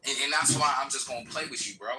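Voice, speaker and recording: A man's voice: mid-range voice, rapid-fire, pushed and bright, low-quality recording. A man in a heated online voice-chat argument, talking profane and taunting, with open threats. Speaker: voice chat participant.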